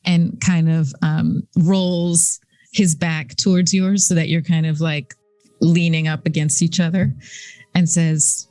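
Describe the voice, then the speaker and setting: A woman narrating calmly as the game master of a tabletop game. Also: sits low, slow pace, no echo, faint music behind. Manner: calm, descriptive narration.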